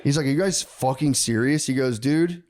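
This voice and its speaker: A man's voice: mid-range voice, moderate pace, darkish tone. A man on a podcast telling a history story in casual, profane slang, acting out the characters' lines.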